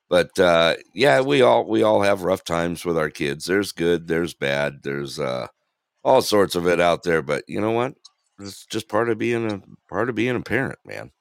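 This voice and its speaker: A man's voice: deep voice, fairly bright tone, no echo, studio quality. A man hosting a casual radio show, chatty and laughing often, with plenty of fillers.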